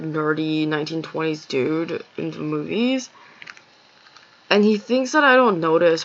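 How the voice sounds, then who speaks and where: A woman's voice: fairly low pitch, vocal fry, a bit bright, muffled recording. A woman telling a long, rambling story in a casual monologue, swearing often and sounding agitated.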